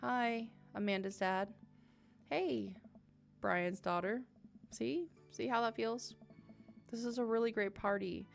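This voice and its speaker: A woman's voice: fairly high pitch, takes it slowly, vocal fry, long pauses, soft background music. A woman playing a dating game aloud, reading every character in a playful way. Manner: playful, voices several characters, laughs and tears up. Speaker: let's play gamer.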